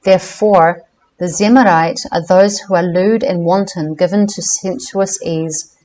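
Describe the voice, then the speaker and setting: A woman with a somewhat low voice reads a book aloud. She keeps a careful, measured pace and stops to fix herself on difficult words. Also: darkish tone, a little hiss or hum, rough recording. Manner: careful, measured reading with self-corrections on names. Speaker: reader of a book.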